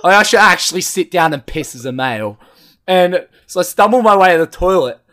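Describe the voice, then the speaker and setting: A young man with a fairly high voice tells a chaotic party story among friends. He rambles and swears freely. He speaks in a casual, animated chat tone. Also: a little fast. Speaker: podcast co-host telling a story.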